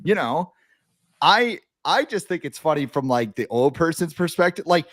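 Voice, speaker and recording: A man's voice: on the high side, moderate pace, dry recording. A young man co-hosting a casual sports podcast, talking animatedly and joking around. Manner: animated, jokey, acts out quoted voices. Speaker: podcast co-host.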